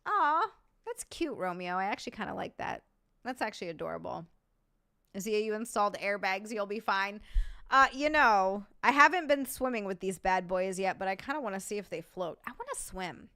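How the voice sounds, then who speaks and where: Hosting a casual live-chat stream, a woman chats animatedly, jokes with sarcasm, curses freely, and thanks her viewers by name. Her medium-pitched voice has a clean tone and moves at a normal speed.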